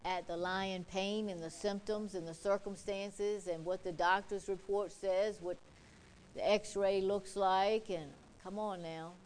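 A woman's voice: medium pitch, fairly even intonation, measured pace, a little mellow, slight background noise, poor audio. A woman preacher delivering an emphatic sermon, repeating points and quoting scripture. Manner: emphatic, repetitive, quotes scripture.

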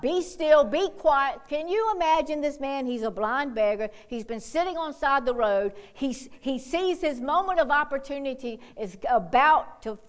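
A woman preaching a sermon with fervor, whooping and calling out hallelujahs, swinging from quiet asides to loud, bold exhortation. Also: high voice. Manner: fervent, punctuated by whoops and hallelujahs.

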